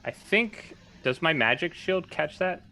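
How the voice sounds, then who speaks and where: A man at a tabletop game talks through his turn, unsure and checking his abilities out loud. His voice is bright and edgy with a gravelly catch, over a faint hiss. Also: on the high side, expressive, unhurried. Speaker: player.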